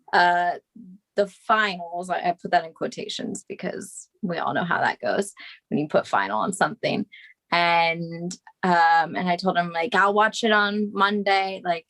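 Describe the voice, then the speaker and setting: A woman co-director hosting a casual group video chat, telling a lively story with lots of "like" and acted-out reactions. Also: lowish voice. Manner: chatty storyteller, many "like"s, acts out her reactions. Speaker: co-director and host.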